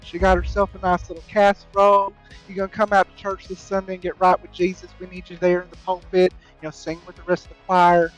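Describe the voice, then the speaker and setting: A woman's voice: lowish voice, little pitch movement, fast talker, soft background music, voice pushed up, close to an everyday voice. A man doing a pushy, sweet Southern Baptist church lady with a Southern accent, folksy and coaxing, on a slightly dull lo-fi recording.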